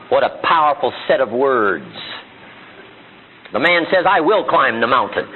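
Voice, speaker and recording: A man's voice: medium pitch, very animated, normal speed, pauses often, husky. A middle-aged man giving a motivational seminar speech, full of rhetorical questions and acted-out quotes. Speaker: motivational speaker. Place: seminar room with audience. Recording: tinny phone-like archive audio.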